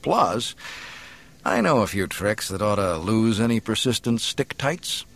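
A man reading an audiobook voices a cocky young male starship pilot in a brash, quick-tongued way. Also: on the low side, big pitch swings, fairly bright tone, full character voice.

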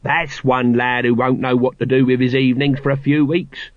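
A man's voice: medium pitch, little pitch movement, normal speed, no room sound, lightly acted. A man voicing a crude, scheming little city watchman in a raised, cheeky voice. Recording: slightly muffled dry recording.

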